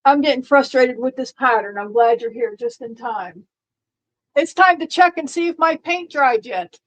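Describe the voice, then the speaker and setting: A middle-aged woman talks to her live-stream viewers in a loose, rambling way. Her voice sits a little high. She restarts her sentences often and keeps a dry, sarcastic edge. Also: lively intonation, normal speed, poor audio. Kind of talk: casual live-stream chat.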